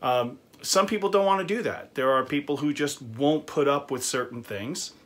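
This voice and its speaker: A man's voice: a little high, normal speed. A man giving a casual, chatty guitar review, with frequent fillers and easy laughs.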